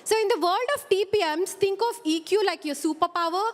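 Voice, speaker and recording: A woman in her forties giving an energetic, chatty lightning talk at a conference, acting out her younger self in quoted asides. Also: extremely high pitch, brisk. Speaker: conference speaker. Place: conference hall. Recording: long hall reverb.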